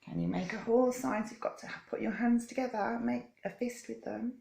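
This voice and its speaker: A woman reading a picture book aloud to young children, in a gentle, coaxing way that invites them to join in, and showing simple hand signs step by step. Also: on the high side, brisk, creaky, hardly any pauses. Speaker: children's story time presenter. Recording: echoey room.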